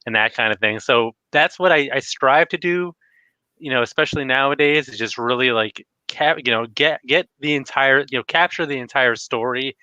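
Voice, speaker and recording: Man, casual stream chat, rambly and filler-heavy; bright voice, dry muffled call audio. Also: medium pitch, moderate pace, dry recording. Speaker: retro collecting YouTuber.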